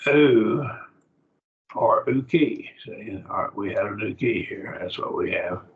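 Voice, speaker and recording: A man with a low voice teaches a Greek grammar lesson on a video call. He explains slowly and puts questions to his class. The call audio is dull and lo-fi. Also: animated.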